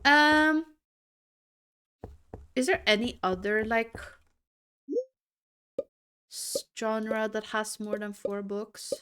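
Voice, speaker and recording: A woman's voice: a little high, steady tone, drawn-out words, long pauses, fairly bright tone, a little hiss or hum. A woman streamer chatting casually with her viewers while playing a game, rambling and giggling through asides. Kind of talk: casual live-stream gameplay chat.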